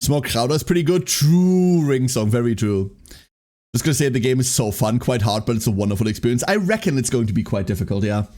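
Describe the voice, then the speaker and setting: Lively chatty male streamer. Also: medium pitch, brisk. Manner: chatty, rambling, laughs often, reads chat aloud. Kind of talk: casual live-stream chat.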